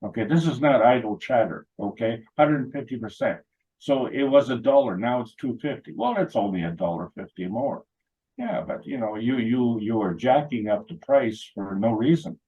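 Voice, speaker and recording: A man's voice: mid-range voice, lively intonation, normal speed, dark tone, slightly rough, lo-fi sound. A man chatting casually, telling rambling anecdotes full of "you know" and acting out other people's lines. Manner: acts out quoted dialogue in funny voices. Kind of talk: casual chat.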